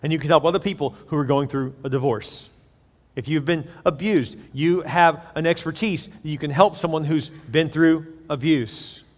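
A man's voice: a little high, moderate pace, in a large hall. A male pastor from the United States preaching a sermon in a conversational way, acting out the voices he quotes.

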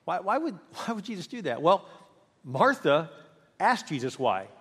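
A man preaching a sermon in an animated, storytelling way, recorded in a church sanctuary. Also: high-pitched, normal speed, breathy edge. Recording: long hall reverb.

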